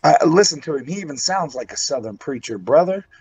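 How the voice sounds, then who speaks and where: A pro wrestler from West Virginia cuts an intense, folksy in-character promo, calling people brother. His fairly high voice is expressive, a little fast, slightly mellow, and husky, heard through dull lo-fi audio.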